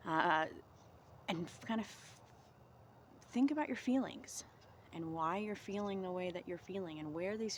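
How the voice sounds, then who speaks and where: A woman vlogging outdoors in the cold, talking through reflective self-help questions in a gentle, encouraging way. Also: fairly low pitch, slight background noise.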